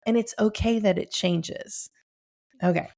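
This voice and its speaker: A woman's voice: medium pitch, unhurried, a little mellow. A middle-aged woman hosting her podcast in casual, chatty talk, upbeat and laughing often, speaking from a room at home. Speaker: podcast host.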